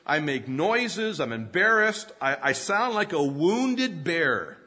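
A man's voice: a little high, very animated, slow pace, sharp tone, a little hiss or hum. A man in his fifties preaching a sermon, telling humorous self-deprecating stories and often laughing mid-sentence. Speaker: pastor.

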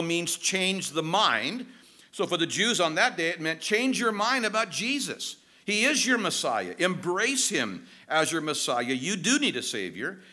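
Male pastor delivering a sermon, high and lively, bright tone, emphatic. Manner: emphatic, animated preaching with dramatic drops in pitch.

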